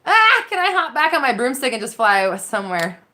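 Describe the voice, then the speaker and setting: A woman hosting a live Q&A stream, talking casually into her phone. Her voice is bright and forceful, and it swings up and down a lot. She laughs often and swears freely as she reacts to comments. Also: sits high, sing-song, fairly quick. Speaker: live Q&A host, mindset coach.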